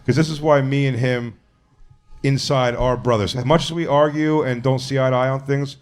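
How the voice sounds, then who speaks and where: A man's voice: mid-range voice, fairly even intonation, moderate pace. A man hosting a podcast who asks questions and makes emphatic, profane points. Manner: emphatic, swearing, laughing, questioning. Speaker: podcast host. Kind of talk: casual chat.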